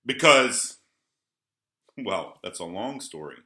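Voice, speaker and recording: A man talks very slowly in a bright, edgy tone, caught in a roomy, echoing space. He rambles through an early-morning monologue, dropping to quiet mutters and then flaring into loud, angry bursts. He swears often and keeps apologizing for getting worked up. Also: fairly low pitch, big pitch swings. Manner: swings from muttering to heated outbursts, apologizes, swears. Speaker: vlogger. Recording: roomy echo.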